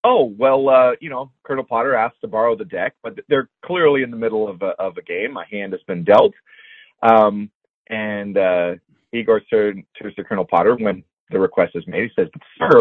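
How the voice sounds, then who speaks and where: A man co-hosting a casual chat, lively and laughing as he muses aloud. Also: lowish voice, moderate pace, no echo. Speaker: podcast co-host. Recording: tinny phone-like line.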